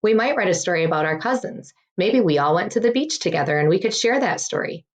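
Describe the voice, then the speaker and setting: A woman's voice: fairly low pitch, expressive, fast talker. Encouraging woman teacher talking to kids. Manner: encouraging, addresses children directly. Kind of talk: early-grade writing lesson.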